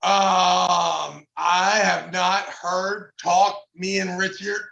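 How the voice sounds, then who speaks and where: A man hosts a casual talk show, throwing in hype-man exclamations and stretching out his emphatic lines. His voice sits high and bright, with a gravelly edge, and it rings in a roomy, echoey space. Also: little pitch movement, extremely slow, dull audio. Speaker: podcast host. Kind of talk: casual chat about arm wrestling.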